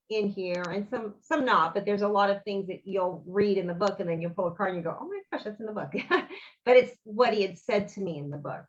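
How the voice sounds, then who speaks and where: On an interview, a guest who is an author and bereaved mother tells a personal story earnestly and at rambling length, acting out the dialogue. Her voice is mid-range, and the sound is lo-fi.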